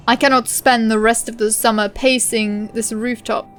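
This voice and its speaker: A woman's voice: on the high side, fairly even intonation, normal speed, slight background noise, natural voice. A woman voicing a weary, proud old male wizard held captive in a game, speaking formally and insistently. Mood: grave.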